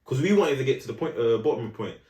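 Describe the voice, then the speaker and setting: A young man talks through a story on a podcast, animated and slangy, always checking the listener is with him. His voice sits in the middle of the pitch range for a man. The room around him is echoey. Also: very fast. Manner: animated storytelling, London slang, many "do you know what I'm saying" asides. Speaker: podcast co-host. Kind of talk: casual chat.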